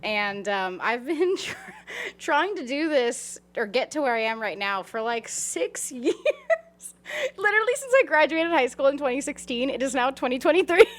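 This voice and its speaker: A woman's voice: sits high, moderate pace. A woman in her twenties, a podcast guest, chatting casually and telling stories with frequent giggles. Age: 20s. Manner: giggly, animated storytelling. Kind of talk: casual chat.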